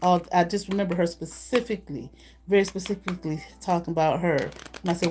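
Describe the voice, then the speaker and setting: A woman's voice: fairly low pitch, quick pace, noisy background. A woman doing a live card reading, talking bluntly and profanely while laughing often between remarks. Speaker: intuitive card reader.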